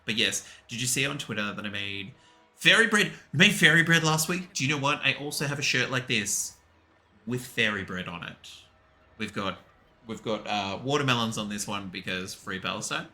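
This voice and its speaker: Chatty man with a lively pitch. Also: normal speed. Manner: chatty, laughs often, reads and answers chat. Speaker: game streamer. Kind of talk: casual chat with live stream chat.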